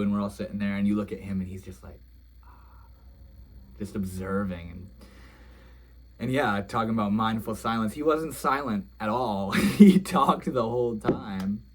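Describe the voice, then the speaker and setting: A young man telling a story in a casual, rambling way, dreamy and emotional, with many "like"s and "you know"s. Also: lowish voice. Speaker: vlogger.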